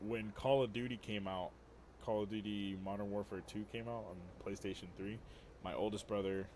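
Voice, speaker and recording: A man's voice: fairly low pitch, a little hiss or hum. A young man streaming, telling rambling, profane stories and laughing at his own jokes. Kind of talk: casual storytelling.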